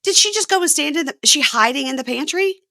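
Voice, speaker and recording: A woman host in a casual recap chat, animated and expressive. Her voice swings widely in pitch. It has a bright, crisp edge. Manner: animated, expressive, quick to act out scenes. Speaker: podcast host.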